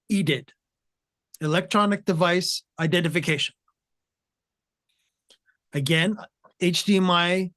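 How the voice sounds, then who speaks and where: A man's voice: a little high, fairly bright tone. A man hosting a casual tech chat, talking in a loose, filler-heavy way and often saying "again". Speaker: host.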